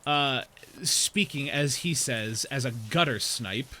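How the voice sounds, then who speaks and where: A man's voice: mid-range voice, slow, sharp tone, rough recording. Guy streamer rambling on casually while playing, mid voice, bit of faint noise. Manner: chatty, rambling explainer. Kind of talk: casual chat while gaming.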